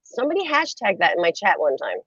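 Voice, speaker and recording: Husky, giggly woman streamer. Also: mid-range voice, big pitch swings, quick pace, a bit bright, no room sound, muffled recording. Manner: giggly, playful and rambling. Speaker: livestream host. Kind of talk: casual late-night stream chat.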